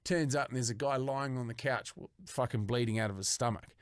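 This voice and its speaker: A man's voice: medium pitch, fairly quick, dry recording, studio quality. A young Australian man telling a story casually on a podcast, swearing freely and acting out the voices of the people in it. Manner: swears often, acts out quoted voices. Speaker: podcast co-host.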